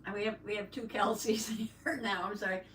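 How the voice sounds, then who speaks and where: An older woman hosting a casual crafting livestream, chatting warmly and greeting viewers by name as she reads the chat. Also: mid-range voice, fairly even intonation, brisk. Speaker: livestream host. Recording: roomy, distant mic, faint background noise.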